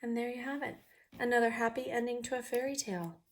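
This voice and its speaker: A woman reading a picture book aloud to young viewers, pausing to ask them questions. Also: fairly high pitch.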